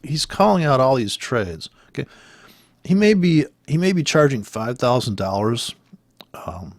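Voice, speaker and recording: A man's voice: mid-range voice, very animated, measured pace, no echo, clean studio sound. A man giving profane, sarcastic, exasperated commentary on trading charts while scrolling through them. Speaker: trader commenting on price charts.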